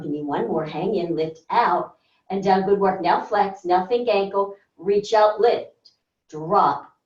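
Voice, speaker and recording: A woman with a medium-pitched, darkish voice instructs a floor workout, counting aloud and offering upbeat encouragement. The recording comes from a distant, dull mic in an echoey, carpeted room.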